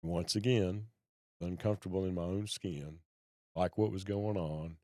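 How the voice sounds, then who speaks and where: Guy on a podcast, folksy and plain-spoken, real low voice. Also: fairly even intonation, normal speed, a little mellow, dry recording, clean studio sound. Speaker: podcast guest. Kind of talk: personal storytelling in conversation.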